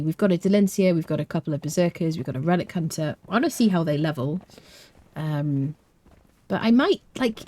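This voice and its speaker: Chatty woman streaming a game, mellow voice. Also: on the low side. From United Kingdom. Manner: chatty, talks to viewers in chat. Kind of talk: live-streamed gameplay commentary.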